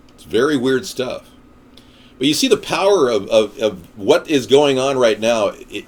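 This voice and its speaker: A man rants through a political monologue, combative and sarcastic, with a voice of ordinary middle pitch. He talks straight at the listener and jabs at his opponents. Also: husky. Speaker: political commentator.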